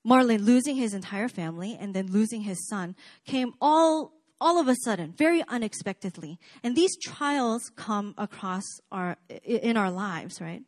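A woman's voice: medium pitch, lively intonation, moderate pace. A woman preaching a sermon in a casual, chatty way, with many fillers and asides to the congregation.

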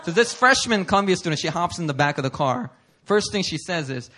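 Bright, animated male preacher. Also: sits high, brisk. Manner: animated, conversational, laughs often. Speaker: pastor. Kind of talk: storytelling sermon. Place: church service before a congregation.

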